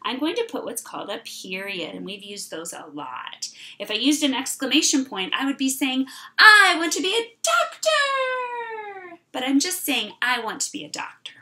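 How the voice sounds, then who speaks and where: A middle-aged woman teacher leading an online writing lesson for young children, sounding out words slowly and clearly. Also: fairly high pitch, expressive, a bit bright.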